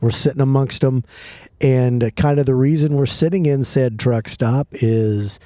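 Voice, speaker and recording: A man's voice: mid-range voice, moderate pace, warm tone, no room sound, clean studio sound. A man hosting a podcast, chatting casually outdoors at a truck stop and asking wry questions. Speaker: podcast host. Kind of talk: casual chat.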